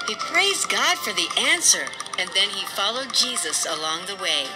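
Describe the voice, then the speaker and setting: A narrator telling an animated Bible story for children in a clear storytelling manner. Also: mid-range voice, normal speed, lightly acted, poor audio. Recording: played video with loud music.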